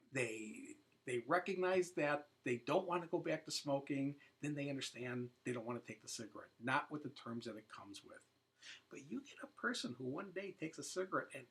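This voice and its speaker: A man's voice: high-pitched, fairly bright tone. A man explaining how to stay off cigarettes in an unscripted monologue, emphatic and often repeating words as he thinks. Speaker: smoking cessation educator.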